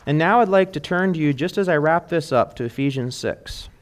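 A man's voice: on the high side, brisk. A middle-aged man preaching an earnest sermon to fathers, speaking with emphatic conviction. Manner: earnest, emphatic preaching, quoting song lyrics.

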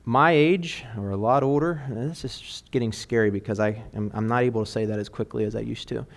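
There's vocal fry in this middle-aged man's medium-pitched voice as he preaches to fathers a little fast. Earnest and emphatic, he speaks with conviction and cites song lyrics.

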